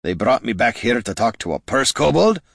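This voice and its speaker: A man's voice: medium pitch, sing-song, normal speed, gravelly, a bit bright, no room sound, studio quality, full character voice. A man voicing a blunt male dwarf hero who grumbles in short, curt replies, in a storybook reading.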